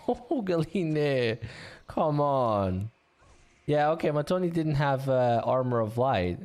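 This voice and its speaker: A chatty male game commentator with a slightly roughened voice. His pitch swings widely as he calls the fights and banters with chat. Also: expressive, measured pace, a little mellow. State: voice getting rough. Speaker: league commentator.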